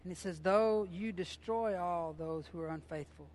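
A man's voice: high-pitched, normal speed, a little mellow. A man preaching a sermon as pastor, impassioned and conversational, repeating phrases and using informal, folksy grammar.

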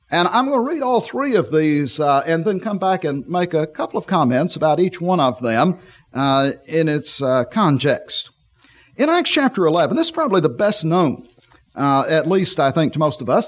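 A middle-aged man preaching a sermon, leading his listeners through scripture passages and pausing often with fillers as he reads. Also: fairly high pitch. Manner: halting, frequent fillers and restarts while reading scripture.

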